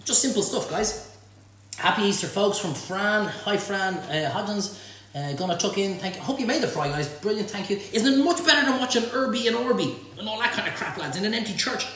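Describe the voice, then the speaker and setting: A high-pitched, animated Irish man talks fairly quickly with a fairly bright tone during his live-streamed cooking demo. Working in his echoey home kitchen, he reads out comments from viewers and jokes around with them.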